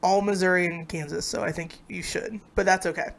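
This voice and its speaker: A woman's voice: lowish voice, fairly even intonation, fairly quick, creaky. A woman co-host with a nasal, sick voice, bantering sarcastically in a casual live-stream chat.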